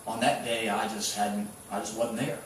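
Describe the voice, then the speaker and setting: A man's voice: fairly low pitch, flat delivery, normal speed, fairly bright tone, slight background noise. Male pastor, conversational storytelling sermon, picked up from afar in a reverberant sanctuary. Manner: storytelling with sports anecdotes, many restarts. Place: church sanctuary. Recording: echoey church hall, mic at a distance.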